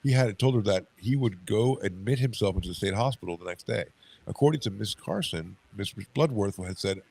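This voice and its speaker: A man's voice: on the low side, animated, fairly quick, gravelly, darkish tone, breathy edge, poor audio. A man with a stuffy nose co-hosting a casual podcast, reading case notes aloud, tripping over words and breaking off to chat. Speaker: podcast co-host.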